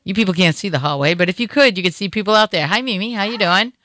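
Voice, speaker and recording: A woman's voice: mid-range voice, fast, pushed and bright, no room sound. A middle-aged woman with a Boston accent hosting a comedy talk show in a studio, chatty and joking, rambling with fillers. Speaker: radio show host. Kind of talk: casual comedic chat.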